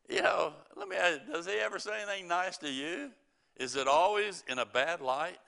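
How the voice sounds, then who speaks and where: Bright-voiced male preacher with a folksy manner. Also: sits high, animated, normal speed, vocal fry, long pauses. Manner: folksy storytelling, chuckles at his own jokes, quotes scripture. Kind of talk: sermon.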